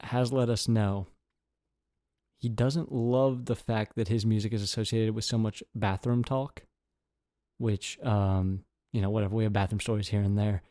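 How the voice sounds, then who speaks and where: A man's voice: on the low side, little pitch movement, moderate pace, dark tone, dry recording, clean studio sound. A man co-hosting a podcast, chatting casually in a rambling, joking way. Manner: rambling, jokey, full of fillers. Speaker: podcast co-host. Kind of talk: casual chat.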